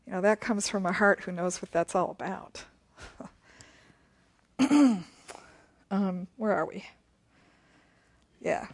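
A woman leads a Bible study, chatty and easygoing as she reads scripture aloud and comments on it. Her voice sits at a middle pitch, and she laughs readily between verses. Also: slow pace, pauses often.

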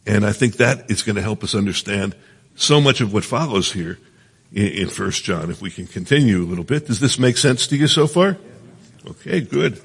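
A man's voice: on the low side, expressive, normal speed, gravelly, husky. A middle-aged man teaching from the Bible in an earnest, conversational way, often checking in with his listeners. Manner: earnest, asks the listeners often, many restarts. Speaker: preacher. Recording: long hall reverb.

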